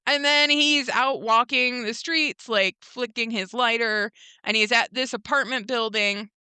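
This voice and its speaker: Bright, crisp-voiced woman podcast co-host. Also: a little high, steady tone, unhurried, dry recording. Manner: retells scenes by voicing the characters, lots of "like" and "um". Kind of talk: casual recap chat.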